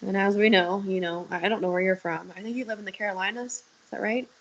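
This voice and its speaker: A woman's voice: medium pitch, steady tone, quick pace, muffled recording. Young woman chatting on a video call, blunt and swears a lot, tells long stories. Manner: candid, swearing, storytelling. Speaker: guest. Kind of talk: casual chat.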